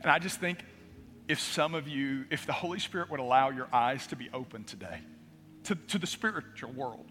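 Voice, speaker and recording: A man's voice: medium pitch, animated, moderate pace, bright, forceful tone. A man preaching a sermon as pastor, telling the story with dramatic pacing, in a church sanctuary. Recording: reverberant hall with faint music.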